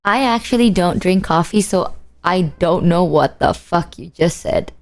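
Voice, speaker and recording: A woman's voice: lowish voice, expressive, unhurried, a little mellow. A woman hosting a casual chat, blunt and self-mocking and swearing. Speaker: streamer host.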